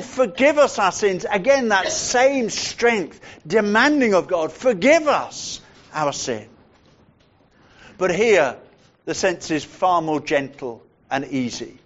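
A man preaching a sermon in a measured way, dropping to a hushed voice to stress points. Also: high voice, highs cut off.

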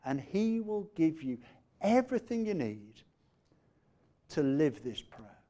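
A man preaching a sermon, measured, letting phrase endings fall quiet and growing animated when he retells a story. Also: medium pitch. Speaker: pastor.

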